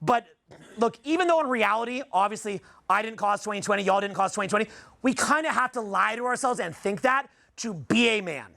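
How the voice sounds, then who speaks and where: A man's voice: sits high, lively intonation, a little fast, vocal fry, sharp tone, dry recording. A Canadian man in his forties giving a live seminar talk, blunt and profane, firing rhetorical questions at the room. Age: 40s. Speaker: seminar speaker.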